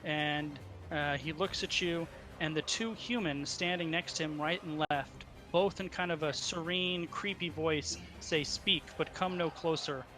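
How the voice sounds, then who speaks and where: A man narrating as dungeon master, halting often with ums and uhs. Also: on the high side, over music. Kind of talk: narrating a tabletop game.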